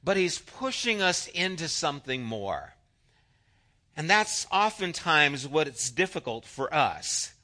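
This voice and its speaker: Bright-voiced man preaching a sermon. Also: a little high, big pitch swings, takes it slowly. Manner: conversational, anecdotal preaching with voiced asides. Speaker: pastor.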